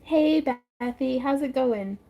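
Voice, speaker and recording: A woman's voice: high voice, takes it slowly, creaky, dull audio. Chatty giggling woman hosting a craft stream. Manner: chatty, laughs often, reads viewer comments aloud. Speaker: craft livestream host. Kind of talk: casual chat while crafting. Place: home front porch. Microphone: close mic.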